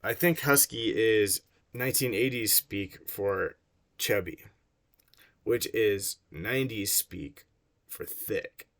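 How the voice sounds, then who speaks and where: A man's voice: lowish voice, slow pace, fairly bright tone. A man reading a book aloud and breaking off into wry, digressive asides, laughing at his own jokes.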